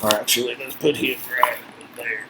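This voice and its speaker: A man's voice: mid-range voice, fairly even intonation, moderate pace, heavy background noise. A man from Tennessee with a mild Southern accent, hosting a casual card-break chat and joking as he calls out each card. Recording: echoey room.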